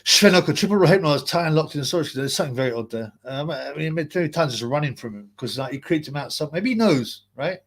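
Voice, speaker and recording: Husky man ranting on a livestream. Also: fairly high pitch, animated, fast, few pauses. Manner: mocking, rambling, reads out chat greetings. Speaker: livestream host. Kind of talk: casual livestream rant.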